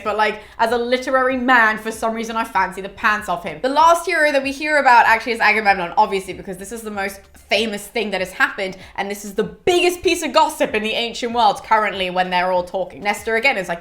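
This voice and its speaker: Young female educator, quick and bright-pitched, casual gossipy retelling. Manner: gossipy, animated retelling with mild swearing. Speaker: literature educator. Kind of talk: casual chatty book summary.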